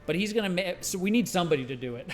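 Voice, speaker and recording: Rambling higher-voiced man, stream co-host. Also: animated, racing, over music. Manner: rambling, emphatic, swears casually. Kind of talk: casual streamed chat.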